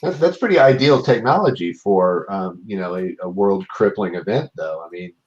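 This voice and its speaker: Low-voiced joking man, dull audio. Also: animated, moderate pace. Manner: joking, loose and playful. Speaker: guest. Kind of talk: casual panel chat.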